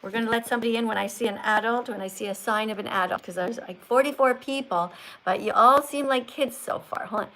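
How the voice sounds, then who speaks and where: A woman's voice: a little high, fast talker, a bit bright, a little hiss or hum, rough recording. Lecturing older woman streamer. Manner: schoolteacher-like, corrective and lecturing. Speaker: livestream host. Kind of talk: live stream chat.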